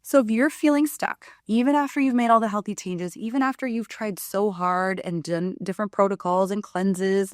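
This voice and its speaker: A woman's voice: mid-range voice, moderate pace, few pauses, no room sound, studio quality. A woman health practitioner giving a frank, casual talk to camera about women's health. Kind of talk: direct-to-camera health teaching.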